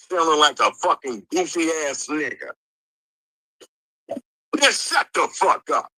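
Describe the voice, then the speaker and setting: A furious man in a heated livestream argument hurls curses and repeats the same insults again and again. His bright, forceful voice climbs high and swoops all over, and the sound is close and dry. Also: expressive, a little slow, dry recording, low-quality recording. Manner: angry, profane, repeats insults. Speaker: livestream participant. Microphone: streaming call mic.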